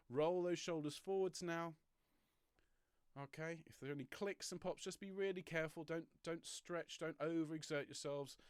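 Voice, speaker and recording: An encouraging man coaches a choir through breathing and stretches in a jokey, step-by-step way. His voice sits a little high, and it comes over a home mic on a video call. The sound is dry and close, with no room echo. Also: clean tone. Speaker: choir leader. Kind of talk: leading an online choir warm-up. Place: home room, traffic passing outside.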